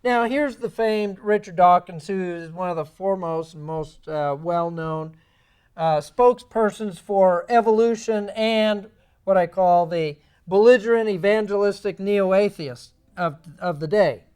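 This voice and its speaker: A man giving a creation science lecture in a church, animated and sarcastic in his asides. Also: high-pitched, a little slow, clean tone. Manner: animated, sarcastic asides, mocking quoted voices. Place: church sanctuary.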